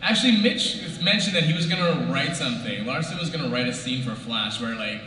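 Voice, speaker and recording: A man on a convention panel, casual and playful, at a middle pitch. The voice echoes through a large hall from a distant mic, with steady noise behind. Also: a little fast. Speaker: voice actor panelist.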